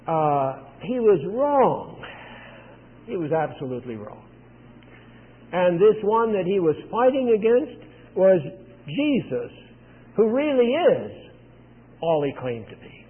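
A man's voice: high-pitched, big pitch swings, takes it slowly, long pauses, husky. A man preaching a sermon, telling the story earnestly and pushing hard on key words. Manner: earnest storytelling with emphatic pushes. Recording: tinny phone-like sound with long reverb.

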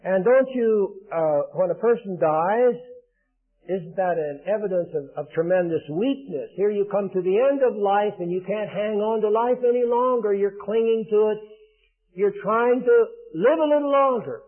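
An older man preaching a sermon in an earnest, emphatic way, building to loud declarations. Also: high-pitched, normal speed. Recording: tinny phone-like band.

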